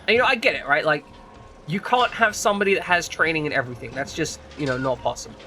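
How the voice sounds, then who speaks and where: A man's voice: fairly high pitch, fast, bright, forceful tone, slight background noise. Rambling man streaming. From United Kingdom. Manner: rambling, swearing, frequent restarts. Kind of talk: casual chat while gaming.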